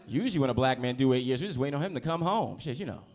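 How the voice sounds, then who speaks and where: A New Jersey man performs stand-up on a club stage in a medium-pitched, slightly mellow voice with lively intonation. He races along in a loose, conversational way, teasing the audience.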